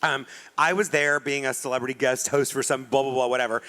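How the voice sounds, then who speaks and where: Bright-voiced chatty male host. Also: mid-range voice, quick pace. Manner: animated, swears freely, acts out quotes. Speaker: podcast host. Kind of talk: casual storytelling chat.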